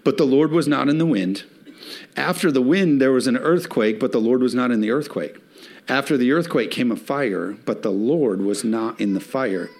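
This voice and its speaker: A male pastor with a medium-pitched voice delivers a sermon marked by emphatic swells and slowed, stressed phrases. He is a father of young children.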